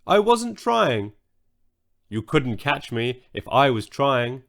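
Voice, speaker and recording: A man's voice: medium pitch, big pitch swings, slow pace, creaky, fairly bright tone, heavily acted. A man voicing a vain, pompous male unicorn in a children's story, haughty and sulky by turns. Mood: sulky boastful. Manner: haughty, sulky, self-admiring.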